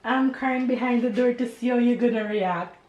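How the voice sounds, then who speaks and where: A mother vlogs casually at home, telling stories amid lots of laughter in a rather high voice at a normal speed. She's playful and animated, laughing as she goes; the recording sounds muffled, in an echoey room with background noise.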